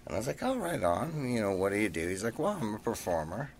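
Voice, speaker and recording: A man's voice: on the low side, animated, rapid-fire, a little hiss or hum. A man casually telling a story as a guest on a talk show, laughing now and then. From Canada. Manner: laid-back anecdote teller, laughs while talking.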